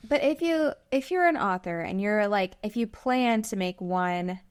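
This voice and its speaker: A woman joins a podcast roundtable, talking in a chatty, meandering way and laughing between thoughts. Her voice is mid-pitched and recorded dry and close. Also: lively intonation, unhurried, clean tone, no room sound. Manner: chatty, many "like" fillers, laughs often. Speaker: podcast co-host. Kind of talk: casual roundtable chat.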